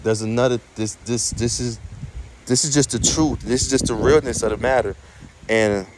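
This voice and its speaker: A man vlogging outdoors at night in the wind, talking quietly and mellow in a preachy way and swearing often. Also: medium pitch, steady tone, moderate pace. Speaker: spiritual vlogger. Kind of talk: casual outdoor vlog.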